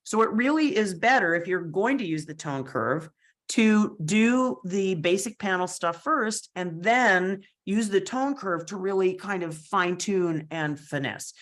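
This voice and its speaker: A woman's voice: medium pitch, lively intonation, a little slow, a bit bright. A woman instructor walking through a photo editing tutorial in a chatty, explanatory way, with fillers and asides. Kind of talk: screen-share software tutorial.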